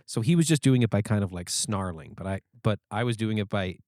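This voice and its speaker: A man's voice: on the low side, lively intonation, a little fast, darkish tone, no echo, studio quality. A man from Canada, a podcast guest telling stories in casual chat, often restarting and correcting himself. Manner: rambling storyteller, many self-corrections. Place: podcast studio.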